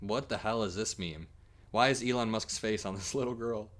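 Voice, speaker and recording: A man hosting a livestream, reacting to clips and posts in an energetic, joking way and laughing often. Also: fairly low pitch, moderate pace. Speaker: political commentary streamer.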